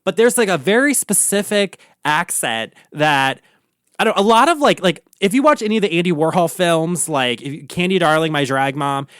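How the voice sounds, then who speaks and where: A man's voice: a little high, lively intonation, normal speed, a bit bright, smooth, dry recording, studio quality. A man with a Baltimore accent, a drag queen host ranting casually, campy and profane with lots of filler words. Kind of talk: casual solo rant.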